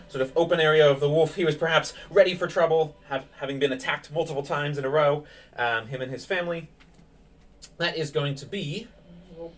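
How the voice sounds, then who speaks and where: Acting as game master for a tabletop game, a man narrates in a relaxed way, full of fillers. His voice is fairly high and sounds far from the mic.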